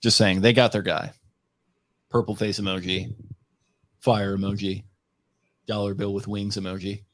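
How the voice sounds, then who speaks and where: Man, low voice, podcast co-host, teasing banter, casual chat. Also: level tone, moderate pace, pauses often. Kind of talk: casual draft-night chat.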